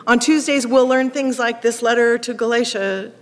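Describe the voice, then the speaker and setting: A woman pastor preaching a sermon, animated, acting out quoted lines with sharp rising questions. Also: fairly high pitch, normal speed. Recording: long hall reverb.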